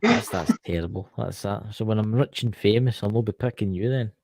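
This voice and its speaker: A man's voice: lowish voice, a little fast, vocal fry, a little mellow, dry recording. A man with a Scottish accent co-hosting a show, chatting casually, joking and teasing his co-host. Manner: joking, teasing, laughs often. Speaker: podcast co-host. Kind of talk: casual banter.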